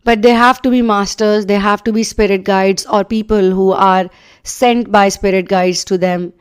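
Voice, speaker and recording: A woman's voice: mid-range voice, fairly even intonation, normal speed, smooth. A woman giving a channeled spiritual reading, earnest and fond of repeating short phrases. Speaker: tarot and energy reader.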